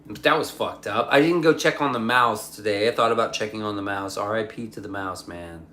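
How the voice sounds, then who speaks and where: A man's voice: lowish voice, a little fast, bright, forceful tone, a little hiss or hum. A young adult man rambling profanely in casual livestream chat, reading his chat aloud. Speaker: streamer.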